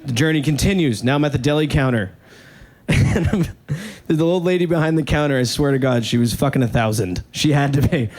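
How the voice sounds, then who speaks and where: A man's voice: medium pitch, fairly quick, a little mellow, a little hiss or hum. A man from New York telling a rambling, profane, self-mocking story as a stand-up comedian. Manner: casual, profane and self-mocking, with many "like" fillers.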